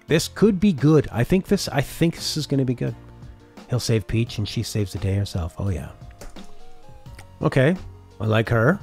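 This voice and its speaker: Streaming a casual reaction to a game showcase, a man with a mid-range, slightly mellow voice talks things through. He reads viewer comments aloud and then answers them.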